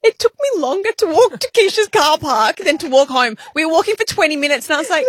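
An Australian woman podcast host who tells a story in an animated, joking way. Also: extremely high pitch, brisk, slight background noise. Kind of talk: casual storytelling chat.

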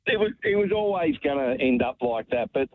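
A medium-pitched Australian man with lively intonation speaks briskly on an emotional call to a talkback radio show. He rambles through a heartfelt story, repeating words, over a tinny, dry phone line.

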